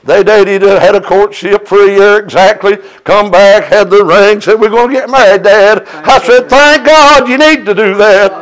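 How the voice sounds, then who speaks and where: A middle-aged man gives a sermon testimony. His voice sits high, and he peppers his phrases with "uh" before rising into chanted cries. The congregation answers him from around the room. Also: normal speed, hardly any pauses, fairly bright tone, poor audio. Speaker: preacher.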